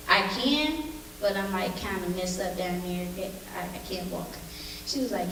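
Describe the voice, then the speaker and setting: A woman's voice: medium pitch, expressive, normal speed, slight background noise. A woman, chatting directly with an audience as she tells a personal story at a school showcase. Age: 20s. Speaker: alumna speaker and singer. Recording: echoey hall, distant mic.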